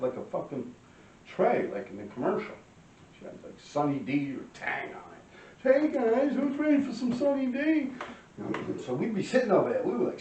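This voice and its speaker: Gravelly New man swearing through stories. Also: medium pitch, darkish tone, a little hiss or hum. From New York. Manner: profane street-style storytelling, frequent throat-clearing. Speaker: vlogger telling life stories. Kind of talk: casual storytelling to camera. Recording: roomy, distant, dull-sounding.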